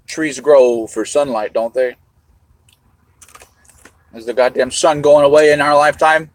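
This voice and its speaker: A man's voice: mid-range voice, steady tone, measured pace, no echo, rough recording. A man hosting a live stream, rambling to his chat while eating, swearing casually as he goes. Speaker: livestream host.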